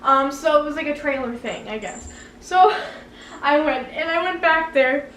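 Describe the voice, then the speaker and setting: A young woman, recounting a childhood story with lively drama and frequent laughter. Her voice sits very high. She is recorded at home in a roomy space, a little away from the mic. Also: unhurried, recorded from a distance, slight background noise. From Canada. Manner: animated, dramatic, laughing often. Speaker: vlogger. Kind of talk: story-time vlog. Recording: roomy room, a bit off mic.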